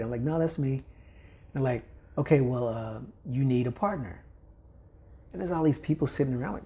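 Speaking fairly quickly in a mid-range voice, an older volleyball coach from Kentucky tells a casual story as a guest on a podcast. He laughs a lot and animatedly imitates the voices of the people he quotes.

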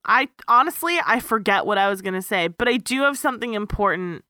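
A woman co-hosts a podcast in casual chat, lively and precise as she works through careful corrections. Her voice is bright and swings freely up and down. The sound is dry and close. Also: medium pitch, brisk, dry recording. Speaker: podcast co-host.

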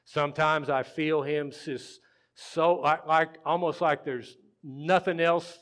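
A man preaching a sermon, slow and earnest, pausing often and letting phrases trail off softly. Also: fairly high pitch. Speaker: pastor.

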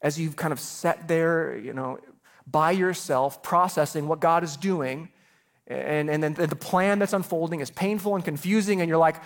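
A man's voice: on the high side, moderate pace. A man in his thirties preaching a sermon as a pastor, earnest and personal, often repeating words as he starts a phrase. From Chicago area.

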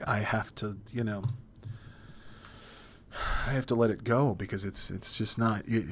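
A man hosting a podcast in a rambling, profane monologue with many restarts. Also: fairly low pitch. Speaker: podcast host. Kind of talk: casual monologue.

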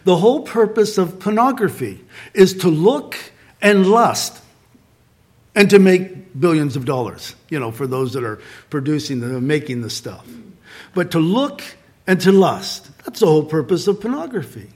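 A middle-aged man preaching a sermon as pastor, earnest and conversational, slowing down to stress key points. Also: fairly high pitch, animated, husky.

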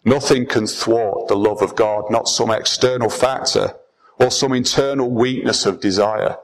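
Man, pastor, sermon, earnest, emphatic, restarts, mid pitch. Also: fairly even intonation, unhurried, poor audio.

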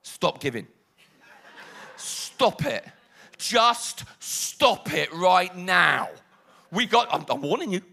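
Man playing exasperated Moses, loud and high. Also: big pitch swings, slow, gravelly, pauses often, heavily acted. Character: flustered old male leader Moses, pleading.

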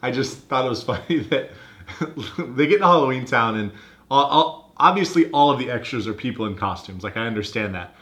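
A man's voice: medium pitch, animated, fairly quick, a bit bright. A man on a casual movie-review podcast, talking in a giggly, amused way. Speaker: podcast co-host.

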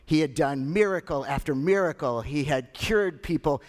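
A male pastor preaching a sermon, retelling scripture with animated delivery and dramatic pauses. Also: on the high side, big-room sound. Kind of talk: sermon storytelling.

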